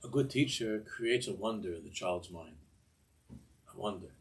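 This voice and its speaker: A man's voice: low voice, normal speed, gravelly. An older man teaching a Torah class in a discursive way, often repeating words and mixing in Hebrew phrases.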